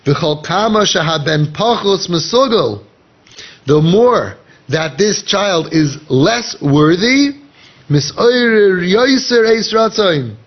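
Guy giving a torah class, husky kinda high voice, muffled lo-fi podcast sound. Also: slow. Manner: animated, acts out inner voices and dialogue; mixes Hebrew and Yiddish phrases into English. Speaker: rabbi. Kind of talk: Torah lecture. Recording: dull lo-fi podcast audio.

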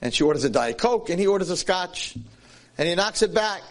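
A man giving a sermon as a Jewish lecturer, telling a story with animated, swinging delivery. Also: sits high, fairly quick.

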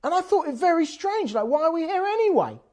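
A man putting on a high, bewildered wife. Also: sing-song, fast, darkish tone. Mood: puzzled. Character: puzzled wife, a woman with a raised voice.

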